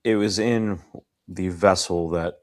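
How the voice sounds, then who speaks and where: A middle-aged man co-hosting a podcast, a first responder explaining his heart attack in a measured, clinical way. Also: low-pitched, steady tone. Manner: measured, clinical, trails off softly. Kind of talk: conversational storytelling.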